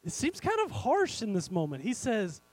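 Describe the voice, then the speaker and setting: A man preaching a sermon, animated and speaking straight to his congregation, swinging between loud and hushed. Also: high voice, normal speed, dry recording, low-quality recording. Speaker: pastor.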